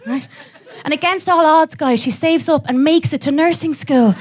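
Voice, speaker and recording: A young Irish woman doing a live stand-up set, brash and profane, throwing quick asides to the audience. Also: high-pitched, darkish tone. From Ireland. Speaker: stand-up comedian.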